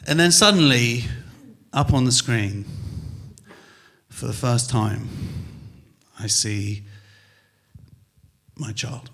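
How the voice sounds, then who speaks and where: A man doing a stand-up comedy set in a club, telling a story with lots of swearing and quick acted-out voices of his wife and the hospital staff. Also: medium pitch, lively intonation. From England. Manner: swears freely, jumps from loud to muttered.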